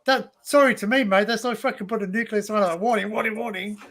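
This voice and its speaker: A man's voice: sits high, quick pace, pushed and bright. A man with an Australian accent hosting a casual livestream chat, swearing freely and laughing through rambling stories. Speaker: livestream host.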